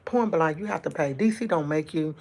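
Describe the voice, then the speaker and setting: A woman telling a rambling story to her livestream audience, talking fast and jumping from point to point. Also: low-pitched. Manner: fast, rambling talk that jumps around; chatty and animated when retelling events. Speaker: livestream host. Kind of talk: casual storytelling to a live audience.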